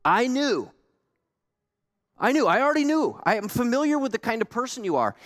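Preacher acts out a raging, self-righteous prophet. Loud and high, in a reverberant hall. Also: male voice, very animated, normal speed, heavily acted. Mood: indignant. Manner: indignant, ranting, raised voice. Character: angry, bitter, self-righteous male prophet.

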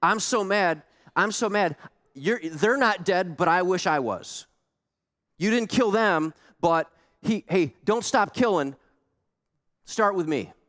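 A man's voice: high voice, lively intonation, takes it slowly, fairly bright tone, big-room sound, pitched above the performer's own voice, full character voice. A man voicing an angry, bitter, self-righteous male prophet who rants with a raised voice. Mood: enraged. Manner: indignant, ranting, raised voice.

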